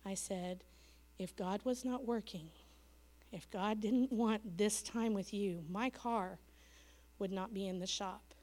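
A woman tells a church testimony in earnest storytelling. Her pitch sits in a middle range, and she sometimes drops to a soft hush. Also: slow pace. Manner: earnest storytelling, quoting others, dropping to a hush at the end. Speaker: missionary speaker. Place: church sanctuary.

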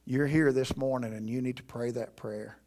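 A middle-aged male pastor preaching a sermon in a church, earnest and pleading, rising to emphatic peaks and dropping to quiet appeals. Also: mid-range voice, fairly even intonation, normal speed. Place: church sanctuary.

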